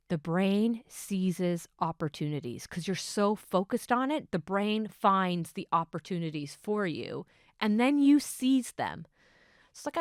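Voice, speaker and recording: A middle-aged woman hosting her own podcast, telling a story in a casual, excitable way that swings between hushed asides and bursts of enthusiasm. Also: lowish voice, clear, resonant tone, dry recording, clean studio sound. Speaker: podcast host.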